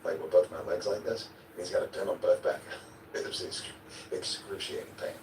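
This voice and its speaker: Telling a colorful story casually in an interview, a man voices his own quotes and now and then swears or chuckles. He has a low, a little mellow voice, talking a little fast with fairly even intonation, in a replayed clip that is echoey, noisy and distant.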